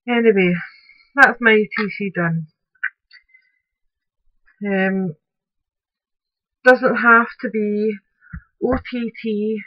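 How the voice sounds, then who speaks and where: A woman's voice: mid-range voice, dry recording, muffled recording. A woman narrating a crafting tutorial, chatting along and muttering to her materials as she works.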